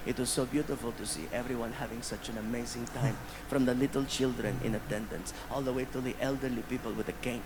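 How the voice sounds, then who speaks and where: A man voicing a young prince who speaks in a slow, polite and formal way. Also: mid-range voice, steady tone, voice pushed down, lightly acted. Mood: formal gracious. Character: young male prince, formal, calm and gracious. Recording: noisy stand-up show recording.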